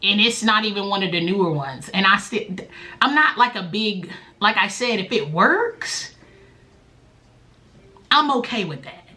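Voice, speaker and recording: A woman vlogger, telling a story in a chatty, animated way straight to the viewer. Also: a little slow, pauses often. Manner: bursts into a high, loud voice when quoting herself. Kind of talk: casual storytime vlog.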